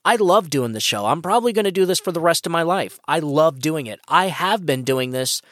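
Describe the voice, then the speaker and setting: A man's voice: a little high, expressive, brisk, a bit bright, dry recording, clean studio sound. A man hosting his own political podcast, delivering an impassioned, emphatic solo opinion monologue that rambles with frequent restarts. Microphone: podcast microphone.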